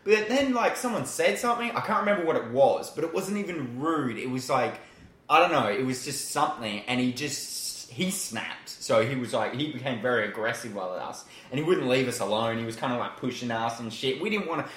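A man's voice: medium pitch, animated, a little fast, a bit bright. A young man telling a rambling story in casual chat. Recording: echoey room.

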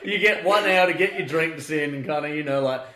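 A man's voice: a little high, brisk, sharp tone. A man co-hosting a casual chat, rambling through a story and laughing often. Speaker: podcast co-host. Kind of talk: casual banter. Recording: echoey room.

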